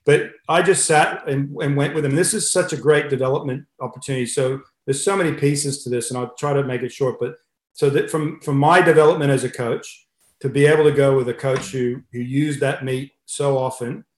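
A man's voice: medium pitch, steady tone, a little fast, echoey room. A middle-aged Australian man, a swimming coach being interviewed, who chats casually and tells stories with many fillers and restarts. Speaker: head swimming coach, guest.

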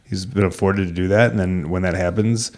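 Low-voiced man musing on a podcast. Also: fairly even intonation, brisk, a little mellow. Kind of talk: casual podcast chat.

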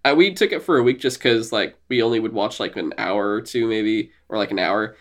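A young man co-hosting a podcast in casual chat, excited and swearing often, laughing and putting on silly voices. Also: lowish voice, a little fast. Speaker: podcast co-host.

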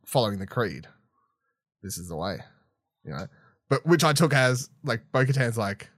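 Animated, swearing male podcast co-host. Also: medium pitch, normal speed, no room sound, clean studio sound. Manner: animated, exasperated, swears and laughs often. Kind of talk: casual review chat.

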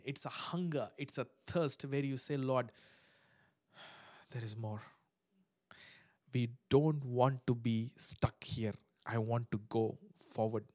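A man preaching a sermon to a live and online congregation, swinging between loud exhortation and hushed prayer, and acting out voices in his stories. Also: medium pitch, dry recording, studio quality. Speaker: pastor.

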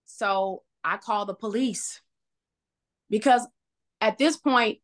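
A woman guest on a podcast, telling a painful personal story in an emotional, halting way, full of restarts. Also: medium pitch.

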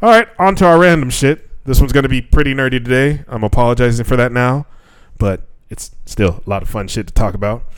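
A man's voice: medium pitch, fairly quick, clear, resonant tone, dry recording. A man co-hosting a casual podcast, ranting with lots of swearing and laughter. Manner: profane, ranting, laughs often. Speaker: podcast co-host. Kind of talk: casual chat.

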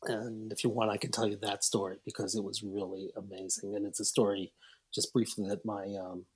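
Breathy male psychologist telling stories. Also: on the low side, fairly quick. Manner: rambling, animated storyteller who acts out quotes. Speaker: psychologist and author, podcast guest. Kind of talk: storytelling in a casual interview.

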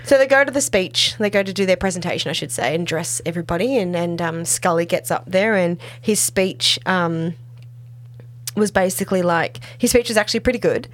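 A woman's voice: on the low side, fairly quick. A woman, co-hosting a podcast and retelling a TV episode in casual chat, giggling often and acting out the lines. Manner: giggly, animated retelling with acted quotes. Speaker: podcast co-host.

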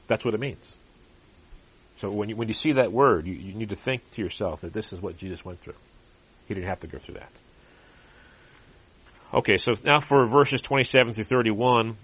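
A man preaching a sermon and reading scripture aloud, earnest and growing louder when he makes a point. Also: slightly rough. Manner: earnest, rises in pitch and volume when emphatic. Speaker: pastor.

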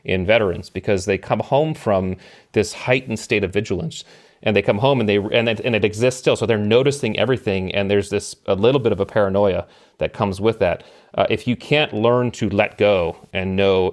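A middle-aged man telling an animated story as a podcast guest, with emphatic delivery and ready laughter. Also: fairly low pitch, moderate pace. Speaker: podcast guest, former special operations member. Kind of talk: storytelling in casual conversation.

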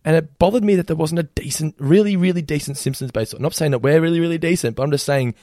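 A man co-hosting a podcast, chatting casually and jumping in with quick jokes. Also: fairly high pitch, dark tone, no echo, studio quality. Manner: quick, bouncy, interjecting with jokes. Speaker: podcast co-host.

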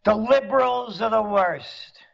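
Gravelly, sarcastic man ranting. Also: high-pitched, measured pace. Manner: sarcastic, mocking, rising to shouts. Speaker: trend forecaster and commentator. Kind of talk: ranting monologue. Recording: dull lo-fi audio.

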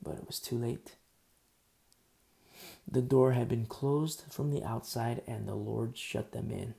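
A man preaching a sermon, telling stories in a conversational and emphatic way. His voice is strongly gravelly, with a warm, dark tone. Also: medium pitch, measured pace.

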